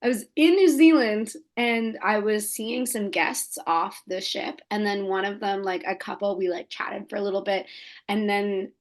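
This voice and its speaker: A young woman from the Canadian Maritimes, a podcast guest telling animated stories full of fillers and quoted voices. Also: mid-range voice, moderate pace. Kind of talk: casual chat.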